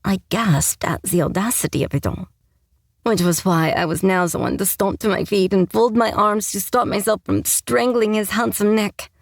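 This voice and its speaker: A woman's voice: mid-range voice, normal speed, gravelly, no room sound. A woman narrating a first-person romance audiobook with a wry, sarcastic tone, on a close mic.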